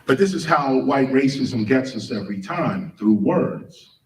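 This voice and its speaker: A man's voice: mid-range voice, animated, unhurried, slight background noise. A man lecturing an audience, firing questions and spelling out words letter by letter, heard from a distance in a large room. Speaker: speaker. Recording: roomy, from a distance.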